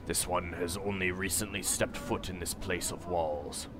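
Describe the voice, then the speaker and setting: Guy doing a slow deep stiff stranger in a game, super formal, kinda quiet. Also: fairly even intonation, loud music behind the voice, close to an everyday voice. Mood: solemn. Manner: slow, deep, formal, talks of himself as "this one".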